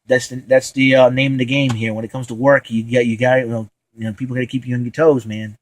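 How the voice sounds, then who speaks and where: Male vlog host, mid pitch, rambling, enthusiastic, casual at home. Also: level tone, quick pace, slight background noise, low-quality recording. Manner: rambling, many fillers, enthusiastic. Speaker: show host.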